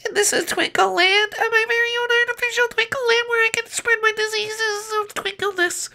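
A man voicing a giddy, high-voiced male chicken wizard in a game roleplay video, squealing with excitement. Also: brisk, gravelly, full character voice. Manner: squealing, overjoyed. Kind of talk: Minecraft roleplay commentary.

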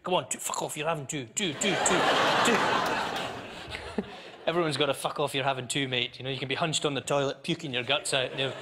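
A Scottish man doing a stand-up comedy set, animated and chatty as he tells stories to a live audience. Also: a little high, fairly quick, pauses often, noisy background. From Scotland. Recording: live show with audience laughter.

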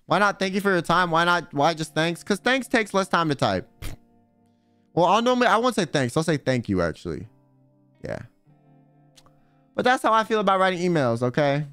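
A man's voice: high voice, very animated, normal speed, pauses often, a bit bright, smooth, dry recording, soft background music. A man streaming in a casual chat, rambling and swearing freely, full of filler words. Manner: rambling, profane, full of "like" and "you know".

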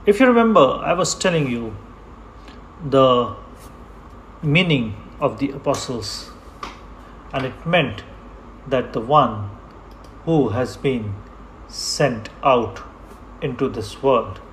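Slow, deliberate male preacher. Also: mid-range voice, fairly bright tone, slight background noise. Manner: slow, emphatic preaching with repetition. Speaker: pastor. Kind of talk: sermon. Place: church.

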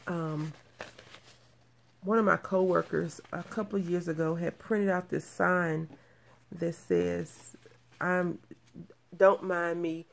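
A woman's voice: on the low side, fairly even intonation, takes it slowly, creaky, long pauses, a little hiss or hum. A woman in her thirties showing off crafting mail in a casual show-and-tell, gushing and repeating her praise. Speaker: crafting channel host.

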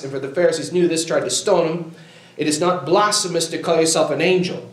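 Guy preaching hard, kinda high voice, quotes scripture a lot, echoey room. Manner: preaching with rising fervor, quoting scripture. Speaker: pastor. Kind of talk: sermon.

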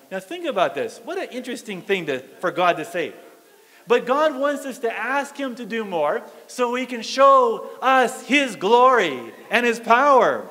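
A male pastor telling a story in a sermon, with an animated, dramatic delivery, in a church fellowship hall. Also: very high voice, measured pace.

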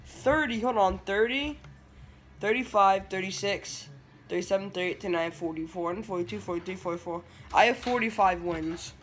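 High, bright-voiced excitable gamer guy. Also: normal speed, slight background noise. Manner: excitable, trash-talking, yelling outbursts. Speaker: gameplay streamer. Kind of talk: live gameplay commentary.

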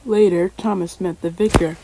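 A woman's voice: fairly low pitch, fairly even intonation, moderate pace, vocal fry, noisy background. A woman narrating a children's story, reading with small slips and stumbles.

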